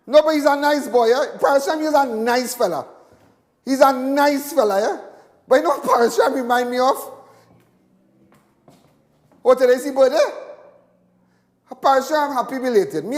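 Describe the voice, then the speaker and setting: Trinidadian man, very high voice, long reverb, rambling animated host talk. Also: normal speed, pauses often. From Trinidad and Tobago. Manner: animated, repetitive, laughs often. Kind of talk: rambling live commentary.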